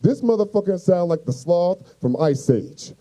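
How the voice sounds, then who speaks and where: Brief: high-voiced man doing animated stand-up, warm and mellow. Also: normal speed, low-quality recording. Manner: animated, profane, acts out voices. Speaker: stand-up comedian. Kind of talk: stand-up comedy storytelling.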